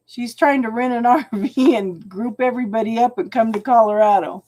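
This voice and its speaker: Over slight background noise, a woman with a fairly high voice reads tarot live at a moderate pace. She's a chatty, warm-hearted reader who calls viewers hon and gets emotional to the point of tears over the cards.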